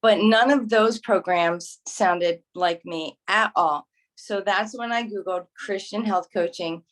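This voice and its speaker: A woman's voice: mid-range voice, takes it slowly. Earnest, enthusiastic woman testimonial, video call. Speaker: mentor and graduate sharing experience.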